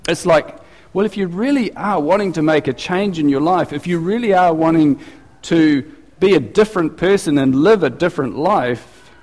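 A man's voice: on the high side, normal speed, darkish tone, big-room sound. A man preaching a sermon as pastor, chatty and asking his congregation questions. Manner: conversational, asks the congregation questions.

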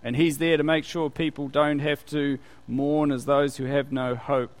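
A man's voice: a little high, level tone, moderate pace. A man preaching a conversational sermon, full of rhetorical questions.

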